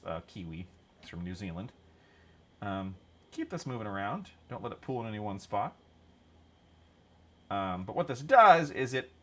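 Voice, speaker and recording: A man's voice: medium pitch, fairly bright tone. A man hosting a hobby stream, chatting casually and rambling with jokes while he paints miniatures. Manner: jokey, rambling, laughs at own jokes.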